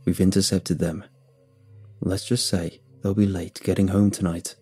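A cold, composed agent of some secret agency, put on by a male narrator, speaking in low, husky, dark tones. His threats come out even and measured, never raised. Faint music plays underneath. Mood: cold, calm. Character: calm menacing male secret government agent.

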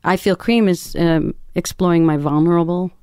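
A middle-aged woman musician chatting loosely and candidly in an interview, often pausing to search for words. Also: lowish voice, fairly even intonation, darkish tone, smooth, no room sound, studio quality. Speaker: musician guest. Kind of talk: casual interview chat.

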